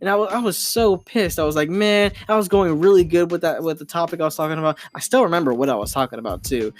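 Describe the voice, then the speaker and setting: A man's voice: on the high side, fast talker. A young man hosting a casual podcast, rambling with lots of fillers and restarts as he tells a frustrating story into his home microphone. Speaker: podcast host.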